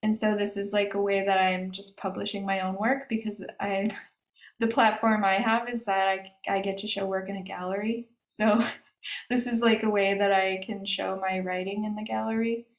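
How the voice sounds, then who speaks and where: A woman's voice: medium pitch, little pitch movement, moderate pace. A woman artist answering questions over a video call, talking casually and hesitantly with many fillers and restarts. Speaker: artist discussing her exhibition. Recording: roomy echo on a video call.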